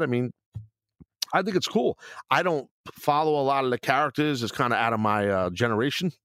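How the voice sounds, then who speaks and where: Blunt, rambling middle-aged host. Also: male voice, medium pitch, fairly bright tone, no room sound, clean studio sound. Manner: blunt, rambling, swears, many fillers and restarts. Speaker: podcast host answering listener questions. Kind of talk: casual opinion talk.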